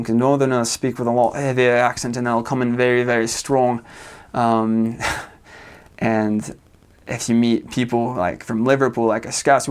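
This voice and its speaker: Rambling young man. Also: mid-range voice. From United States. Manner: loose and rambling, many fillers and soft laughs. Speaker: vlogger. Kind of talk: casual chat.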